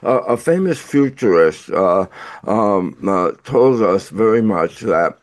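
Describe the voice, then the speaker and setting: Slow-talking man in his eighties. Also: fairly low pitch, expressive. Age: 80s. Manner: earnest, lecturing, many filler "uh"s. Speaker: guest author. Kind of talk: interview answer.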